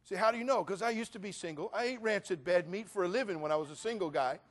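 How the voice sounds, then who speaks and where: Male pastor, high voice, animated sermon delivery with big loud-soft swings. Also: fast talker. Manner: animated preaching, swinging between loud rants and quiet asides. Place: church.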